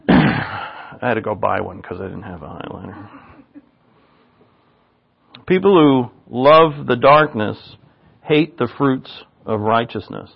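A man's voice: medium pitch, expressive, takes it slowly, vocal fry, pauses often, husky. An older man, a pastor, preaching a loose, conversational sermon full of asides and restarts. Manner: casual, rambling, with asides and restarts. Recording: dull lo-fi recording.

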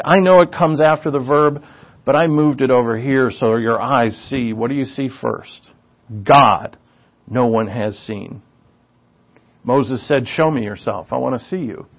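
A male pastor preaching a sermon in a relaxed, conversational way, telling stories and joking at his own expense. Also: mid-range voice, muffled recording. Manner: conversational, self-deprecating storyteller. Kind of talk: sermon teaching.

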